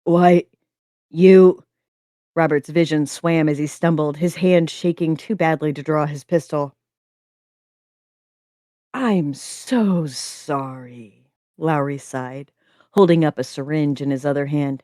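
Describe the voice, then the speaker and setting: Giggly, excitable woman on a stream. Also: sits low, takes it slowly, dry recording, clean studio sound. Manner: giggly and excitable, talks with her mouth full. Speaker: co-host of a writing prompt stream. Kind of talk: casual chat and reading stories aloud.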